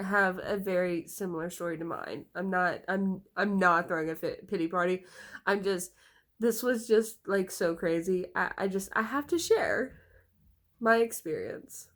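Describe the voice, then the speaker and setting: A woman telling a casual storytime vlog, rambling with many fillers and slightly congested from a cold. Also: fairly low pitch. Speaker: storytime vlogger.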